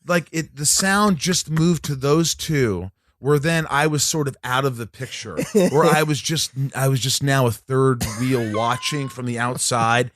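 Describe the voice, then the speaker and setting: A man's voice: medium pitch, unhurried, hardly any pauses, no room sound, studio quality. A man telling long anecdotes in a casual chat, stammering, repeating himself and talking himself down. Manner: rambling, animated, self-deprecating, stammers and repeats.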